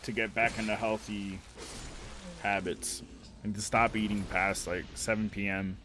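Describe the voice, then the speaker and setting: Low-voiced young man ranting on stream. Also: flat delivery, unhurried, noisy background. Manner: rambling, profane, opinionated, answers chat. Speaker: game streamer. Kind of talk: casual live-stream chat while gaming.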